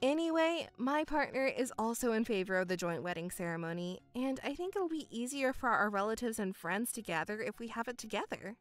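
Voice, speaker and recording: A woman's voice: fairly high pitch, lively intonation, a little fast, few pauses, soft background music, natural voice. A woman voicing an exasperated young daughter. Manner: restrained, exasperated, quietly sarcastic. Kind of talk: voiced story narration.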